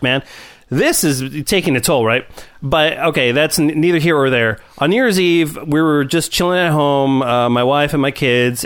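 High-voiced man telling rambling stories. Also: fairly bright tone, smooth. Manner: rambling storyteller, laughs often, many fillers. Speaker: podcast co-host. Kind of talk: casual podcast banter. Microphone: remote call mic.

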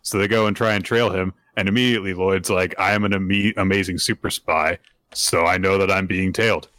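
A man co-hosting a casual podcast chat, recapping comic chapters and acting out the characters' lines in quick put-on voices. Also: deep voice, steady tone, fairly bright tone, dry recording. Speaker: podcast co-host recapping manga.

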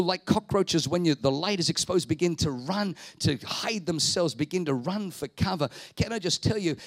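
A man's voice: on the high side, fairly bright tone, no room sound. A man preaching a sermon with emphatic, repetitive phrasing, rhetorical questions and calls for the congregation to respond. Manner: calls the audience to respond aloud. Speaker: pastor.

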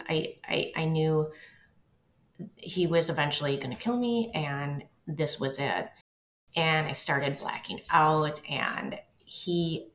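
A woman with a low voice recounts her own story as a guest, often stumbling and repeating words. Her voice carries a roomy echo. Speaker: interview guest. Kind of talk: personal storytelling.

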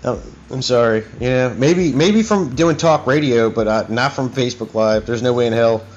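A man hosting his own talk show speaks at normal speed in a mid-range voice. He rants heatedly and profanely, rambling on with lots of "you know what I mean," captured in a dull, lo-fi recording over faint music.

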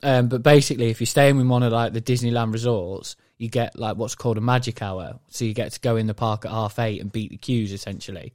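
A man, co-hosting a podcast, telling animated stories and swearing freely. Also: medium pitch, fast, hardly any pauses, no room sound, studio quality. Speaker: podcast co-host. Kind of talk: casual chat.

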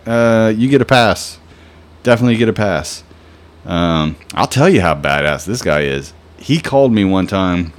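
A man's voice: low-pitched, expressive, unhurried. A young man telling rambling, profane stories in a casual podcast, with lots of fillers. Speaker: podcast host. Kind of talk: casual storytelling.

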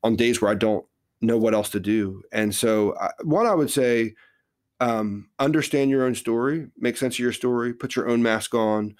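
A man's voice: medium pitch, moderate pace, darkish tone. A middle-aged man, a guest on a podcast interview, telling a personal story in an earnest, reflective way with lots of filler words.

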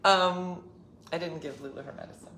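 Low-voiced woman telling a wry story. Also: moderate pace. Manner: wry, deadpan storyteller who acts out quoted family arguments. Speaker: podcast host. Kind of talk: casual storytelling chat. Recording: roomy echo, faint background ambience.

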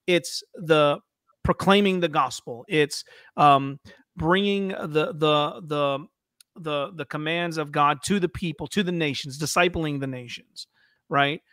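Bright-voiced thoughtful podcast host. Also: male voice, a little high, dry recording, clean studio sound. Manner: thoughtful, halting, many fillers. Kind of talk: casual theological discussion.

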